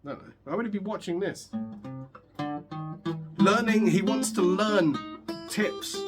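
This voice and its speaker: A man's voice: high voice, expressive, a little slow. Rambling joking young man, guitar behind. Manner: rambling, joking, many restarts. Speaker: guitar vlogger. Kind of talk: casual chat while practicing guitar. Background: guitar playing.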